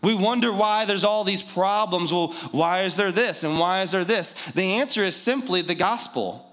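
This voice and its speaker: Male pastor, slightly higher voice, chatty sermon delivery with emphatic repeats. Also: moderate pace, a bit bright. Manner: conversational and joking, with emphatic repetition.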